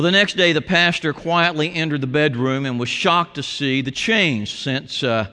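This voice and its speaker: A male pastor with a bright, ringing voice delivers a sermon, shifting between storytelling and quiet, tender passages. His words carry a long reverb through the church hall. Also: fairly high pitch, smooth. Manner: storytelling with quoted voices, soft and intimate at times. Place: church sanctuary.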